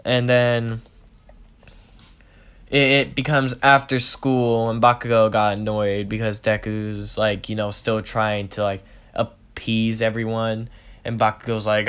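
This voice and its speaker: A man's voice: lowish voice, monotone, unhurried, fairly bright tone, clean tone. A young man casually retelling a fan story, rambling with lots of "like" and "basically". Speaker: channel storyteller.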